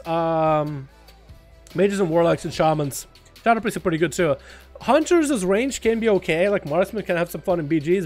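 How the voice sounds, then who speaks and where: A high-voiced man from Russia streams games in a casual livestream chat. He's excitable and swears, dropping quiet before bursting out loud.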